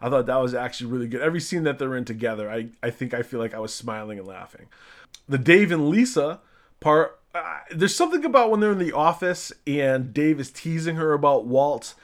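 A man's voice: medium pitch, very animated, fairly quick. A man hosting a podcast, casually reviewing a show episode, chatty and a little hesitant, often restarting his sentences. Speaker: podcast host.

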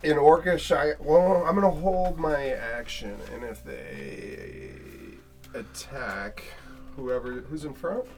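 A man's voice: mid-range voice, very animated, takes it slowly, a little mellow, far from the mic, slight background noise. A man playing a tabletop game, asking questions in a playful way. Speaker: player. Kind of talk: casual tabletop play.

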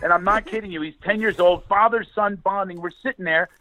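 A man's voice: high-pitched, fairly quick, rough recording. A middle-aged man from Philadelphia, a comedian telling funny stories in a chat and acting out the voices in them. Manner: animated, laughs often, acts out voices in his stories. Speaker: comedian guest.

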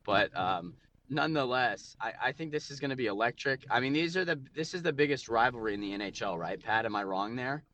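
A man co-hosting a podcast, talking excitedly about hockey and often restarting his sentences. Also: medium pitch, fairly quick. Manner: excitable, repeats himself with restarts. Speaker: podcast co-host. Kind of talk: casual sports chat.

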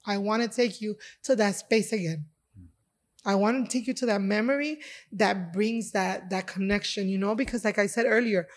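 A woman's voice: medium pitch, normal speed. A woman chef and restaurant owner telling a story in a casual podcast chat, acting out the dialogue.

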